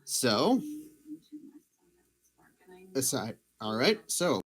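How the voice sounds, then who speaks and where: A man narrating as game master for a tabletop role-playing session, relaxed and laughing, often stopping to hunt for a word. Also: medium pitch, drawn-out words, husky. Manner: loose, laughing, searching for words.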